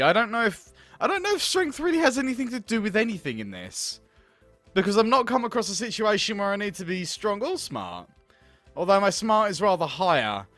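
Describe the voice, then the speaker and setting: A man's voice: high voice, a bit bright, dry recording. A man doing let's play commentary on a game, grumbling, swearing and sarcastic. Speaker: gaming video host.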